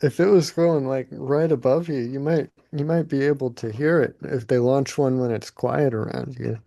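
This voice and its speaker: Man, podcast co-host, gravelly voice, dark warm tone, dry close sound, thoughtful. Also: mid-range voice, steady tone, normal speed, dry recording. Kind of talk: casual live podcast chat.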